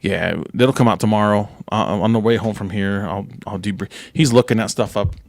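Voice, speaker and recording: Brief: middle-aged man, lowish voice, dry close sound, rambling and jokey, race track promoter on a chat show. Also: fairly even intonation, vocal fry, no echo. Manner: rambling, joking, quick to tease. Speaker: speedway promoter and podcast co-host. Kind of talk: casual podcast chat.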